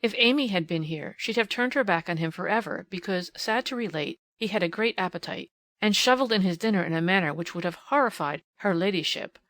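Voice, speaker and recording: A woman's voice: medium pitch, lively intonation, brisk, a bit bright. A woman reading a classic novel aloud as an audiobook, with small voice shifts for the dialogue. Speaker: audiobook reader.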